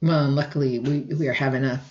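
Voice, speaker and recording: A woman instructor giving a recorded lecture, often clearing her throat and restarting sentences. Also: a bass voice, steady tone, fast talker, a little mellow, roomy sound, muffled recording. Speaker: college instructor.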